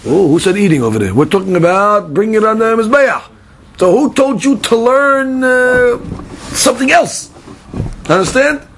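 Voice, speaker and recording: Gravelly high-voiced man teaching Talmud. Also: normal speed, a little hiss or hum. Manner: animated, questioning, repeats words, mixes Hebrew and Aramaic terms into English. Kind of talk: Talmud study lesson.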